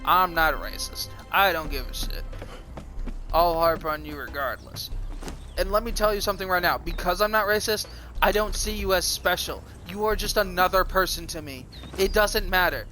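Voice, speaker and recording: A man's voice: sits high, moderate pace, bright, forceful tone, soft background music. A man streaming live, ranting in a profane, defiant and self-mocking way. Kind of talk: rambling livestream monologue.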